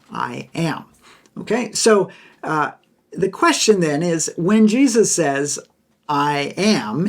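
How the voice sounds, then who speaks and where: A man hosting a Bible teaching podcast who explains a passage in a lecture style. He is emphatic, repeats key phrases and acts out quoted lines. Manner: acts out quoted speech with bright pitch jumps.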